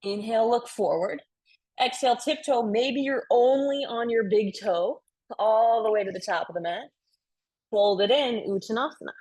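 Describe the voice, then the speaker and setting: A young woman leads a yoga flow, counting down breaths and cueing poses with playful energy. Her voice sits a little high, and she sounds slightly out of breath from moving along with the class. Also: normal speed, a little mellow, breathy edge. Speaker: yoga instructor. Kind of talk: guided yoga class instruction.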